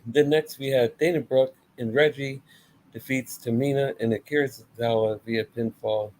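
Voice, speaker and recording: A man's voice: medium pitch, fairly even intonation, normal speed, a little mellow, a little hiss or hum, rough recording. A man giving a casual, blunt and sarcastic review of a wrestling show, full of swearing.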